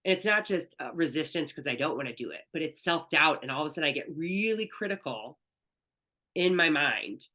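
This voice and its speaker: A woman with a bright, forward voice leads a spiritual coaching class. She talks in an open, earnest, conversational way and is candid with her listeners. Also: low voice, lively intonation, a little fast.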